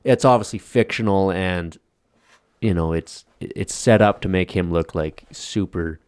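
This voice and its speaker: A man's voice: sits low, a little slow, a little mellow, smooth, dry recording. A man co-hosting a podcast in casual chat, cursing freely and talking at length. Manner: profane, talks at length. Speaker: podcast co-host.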